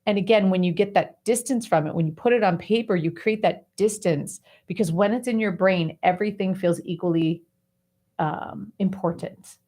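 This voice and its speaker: A woman hosting a radio talk show, coaching her guest in a lively, chatty way with lots of fillers. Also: medium pitch, normal speed. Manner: animated, chatty explaining with many fillers. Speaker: host and life coach.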